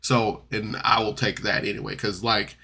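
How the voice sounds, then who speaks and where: Rambling, animated male podcast reviewer. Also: on the low side, moderate pace, slightly rough. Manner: rambling, loose, full of "like" and restarts. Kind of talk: casual recap and commentary.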